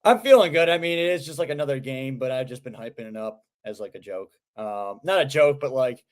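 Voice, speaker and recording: A man's voice: mid-range voice, a little fast. A young man co-hosting a casual sports podcast. He rambles, trailing off with frequent hedging. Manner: rambling, many fillers and restarts. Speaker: podcast co-host.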